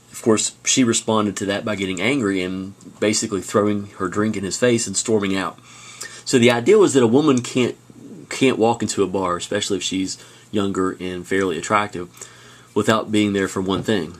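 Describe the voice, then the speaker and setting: A man teaching a high school class on video, telling stories in a casual way with fillers and restarts. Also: normal speed.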